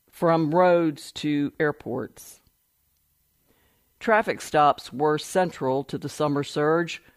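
Man reading a news story, slightly high voice, dry close sound, steady and measured. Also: no echo. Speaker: article reader. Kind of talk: reading a news report aloud.

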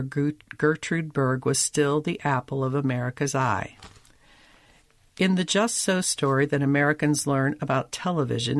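A documentary narrator reads a prepared script at a measured pace, with a wry edge to the storytelling. The voice sits in a middle pitch range. It is recorded close to a studio mic, with a dry, dead sound and no room echo. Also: creaky.

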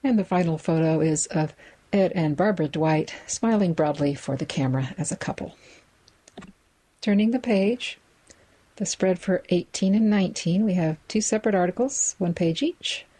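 A woman reading a magazine aloud in a measured way, describing its photos with the odd aside. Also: lowish voice, dark tone, poor audio. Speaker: reader of a magazine for listeners.

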